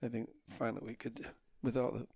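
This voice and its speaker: Gravelly older man telling dry jokes. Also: medium pitch, a little fast, slight background noise. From Minnesota. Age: 70s. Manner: dry teasing humor, relaxed storytelling. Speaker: guest, the host's father. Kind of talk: casual family interview.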